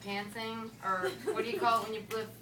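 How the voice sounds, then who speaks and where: A young woman from Connecticut giving a casual, joking rehearsal dinner toast, rambling with playful slang and quick asides. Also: on the high side, flat delivery, very noisy. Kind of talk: casual joking speech to a crowd. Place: dinner hall with guests. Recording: roomy hall from a distance, loud crowd.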